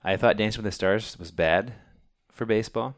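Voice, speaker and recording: Deep-voiced, smooth man hosting a podcast. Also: normal speed. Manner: rambling, many fillers. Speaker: podcast host. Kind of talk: casual chat.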